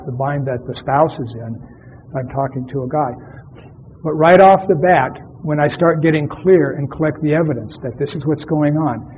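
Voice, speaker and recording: A man lectures to a room of therapists in a chatty, questioning way, his voice sitting a bit high. The sound is thin and phone-like, as if dubbed from an old cassette, with a faint hiss underneath. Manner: conversational, quizzes the audience. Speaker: therapist presenting at a workshop. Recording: tinny lo-fi cassette recording.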